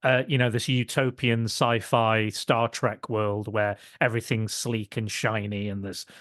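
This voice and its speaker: A man hosting a casual film podcast, rambling and restarting his sentences, quick to laugh. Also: lowish voice, little pitch movement, a bit bright, no echo, clean studio sound. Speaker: podcast host.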